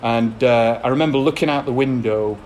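A man's voice: medium pitch, brisk, darkish tone, a little hiss or hum. A man with an English accent telling a frank, self-deprecating personal recovery story to an audience, laughing now and then between blunt details. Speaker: speaker sharing a recovery story. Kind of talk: candid personal testimony to an audience.

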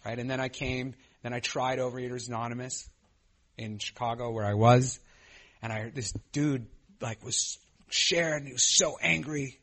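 Man, thirties, recovery-meeting testimony; candid, self-mocking, halting with fillers, mid-range voice. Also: medium pitch, steady tone, a bit bright. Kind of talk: personal testimony share.

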